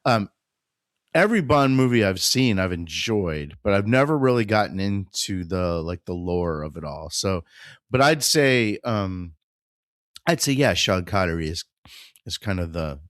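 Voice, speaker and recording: A man co-hosting a podcast, chatting in a relaxed way and adding his own stories. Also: deep voice, measured pace, dry recording, studio quality. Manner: relaxed, chiming in with short reactions. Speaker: podcast co-host. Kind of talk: casual chat.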